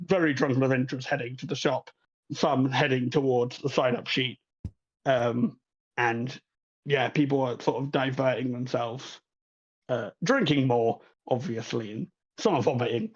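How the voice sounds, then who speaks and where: A man's voice: mid-range voice, husky, lo-fi sound. A man narrating a tabletop game as game master, rambling with many fillers and laughs.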